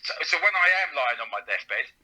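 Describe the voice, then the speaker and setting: A man's voice: medium pitch, very animated, brisk, bright, forceful tone, rough recording. A middle-aged man with a lisp, a comedian and radio presenter telling stories in a casual interview, laughing as he goes. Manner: chatty, laughing storyteller, British slang.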